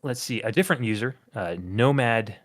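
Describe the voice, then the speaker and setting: A man's voice: mid-range voice, moderate pace. A male podcast co-host in loose, joking conversation. He reads comments out one by one and keeps breaking into small laughs between them. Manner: reads comments aloud, chuckles often. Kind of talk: casual comedic chat.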